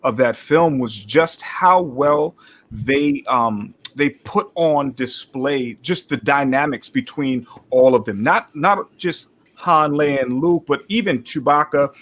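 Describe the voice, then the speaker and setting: A man speaking as a guest on a casual panel chat, thoughtful and measured, with many small fillers. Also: medium pitch, a bit bright.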